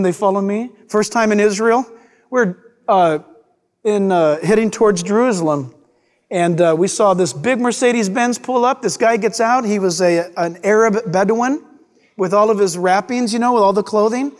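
A man preaching a sermon as pastor, animated and playful, acting out voices as he tells stories. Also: high-pitched, in a large hall.

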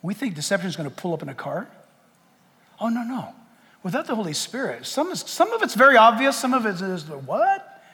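Male pastor, high and animated, jokey yet fervent preaching; reverberant church sanctuary. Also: fairly quick. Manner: impassioned, jokey, rhetorical questions. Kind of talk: sermon. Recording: long church hall reverb.

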